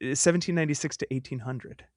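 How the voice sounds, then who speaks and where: A man co-hosting a casual comic book podcast, recapping plot in a rambling way with self-interruptions and quick jokes. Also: on the high side, darkish tone, dry recording, studio quality. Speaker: podcast co-host.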